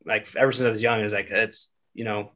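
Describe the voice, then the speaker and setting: A man's voice: on the low side, little pitch movement, fairly quick, pushed and bright. A man hosting a casual chat show, talking loosely with lots of fillers and laughs. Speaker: podcast host.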